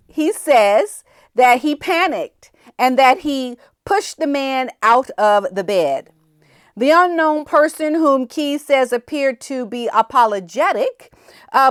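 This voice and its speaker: A woman hosting a casual commentary show, animated, often laughing and acting out the people she quotes. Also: high-pitched, takes it slowly, no room sound, clean studio sound. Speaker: commentary channel host.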